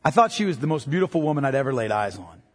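A man's voice: mid-range voice, big pitch swings, very fast, breathy edge. A middle-aged male pastor preaching a sermon to a congregation, mixing scripture with joking asides. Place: church hall. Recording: long hall reverb.

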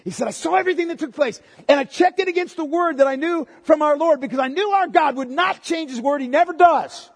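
A man's voice: very high-pitched, fast talker, few pauses. A male pastor preaching an expository sermon in a church, speaking emphatically and checking in with his listeners through tag questions. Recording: long hall reverb.

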